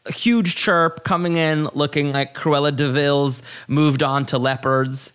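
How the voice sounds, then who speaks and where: A man hosting a podcast, talking in animated, exasperated, profane bursts that leap up high. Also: measured pace, clear, resonant tone. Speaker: podcast host. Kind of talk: casual podcast commentary.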